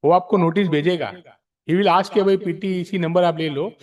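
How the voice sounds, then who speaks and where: His voice is high and steady in tone, and he talks very fast. The man, who has an Indian English accent, is addressing a tax practitioners' study circle in a library meeting room, explaining rules frankly and forcefully, code-switching between English and Hindi and repeating points.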